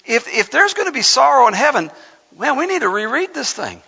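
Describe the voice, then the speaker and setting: A man's voice: very high voice, sing-song, a little fast, gravelly, bright, forceful tone, breathy edge. A man preaching a sermon conversationally, reading scripture with dramatic emphasis. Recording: lo-fi sound in a reverberant hall.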